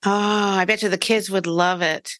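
A woman hosts a casual interview podcast and reacts with quick, eager interjections. Her voice is mid-pitched and close-miked in a dry room. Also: fairly even intonation, a bit bright, no echo. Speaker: podcast host.

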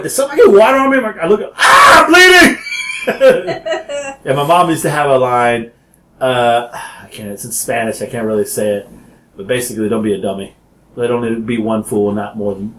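A man telling childhood stories in casual chat, animated and laughing often as he acts out quotes. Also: mid-range voice. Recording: roomy echo.

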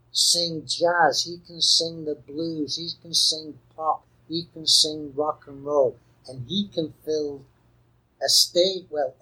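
A man's voice: on the high side, pushed and bright, husky, low-quality recording. A man co-hosting a casual music podcast outdoors, talking with playful, rambling enthusiasm. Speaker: podcast co-host.

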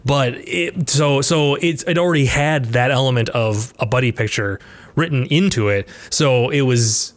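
A man's voice: medium pitch, normal speed. Rambling man chatting about movies. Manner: rambling, many restarts, laughs often. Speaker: podcast co-host. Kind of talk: casual movie discussion.

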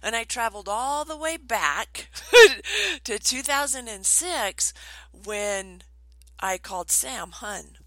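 Bright-voiced middle-aged woman trainer. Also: a little high, slow pace, dry recording, rough recording. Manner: animated, acts out quoted voices. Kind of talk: storytelling talk.

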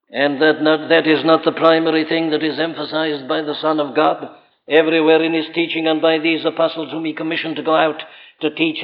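A man's voice: fairly high pitch, big-room sound, lo-fi sound. A man preaching an evening sermon, earnest and insistent, pressing rhetorical questions on his listeners. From Wales.

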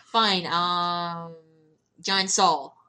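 A woman co-hosting a podcast in casual chat, playful and quick to laugh. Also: lowish voice, pushed and bright, clear, resonant tone. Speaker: podcast co-host.

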